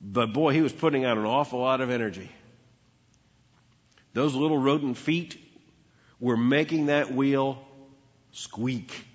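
A man's voice: medium pitch, measured pace, pauses often. A man preaching a sermon, telling a childhood story with emphatic repetition. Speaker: pastor. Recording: dull lo-fi with long hall reverb.

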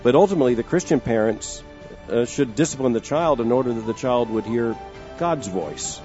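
A man's voice: mid-range voice, animated, dark tone, faint music behind. A middle-aged man hosting a call-in radio talk show, speaking earnestly and measuredly, often restarting his thoughts. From Florida, US. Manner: earnest, measured, repeats himself when starting a thought. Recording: dull dry studio broadcast sound.

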